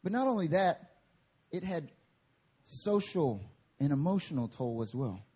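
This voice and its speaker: A male pastor preaching a sermon at a church service, telling animated stories and laughing through them. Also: a little high, a little slow, husky.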